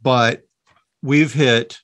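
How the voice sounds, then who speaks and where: A man's voice: mid-range voice, steady tone, very slow, a bit bright. A man hosting a casual music talk show, moving the conversation on to the next track. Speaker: podcast host. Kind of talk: casual chat.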